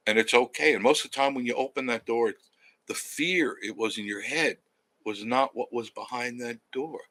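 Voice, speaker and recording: A man's voice: mid-range voice, normal speed, sharp tone. A man in his sixties from Long Island, hosting a travel channel, telling a rambling personal story in a casual monologue and chuckling as he goes. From Long Island, New York. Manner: rambling, anecdotal, chuckles as he tells it.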